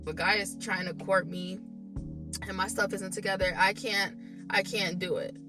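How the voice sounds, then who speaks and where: A woman's voice: medium pitch, steady tone, normal speed. A young woman venting to camera in a candid monologue, emphatic and often exasperated. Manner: emphatic, rising to exasperated outbursts. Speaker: vlogger. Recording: faint background music.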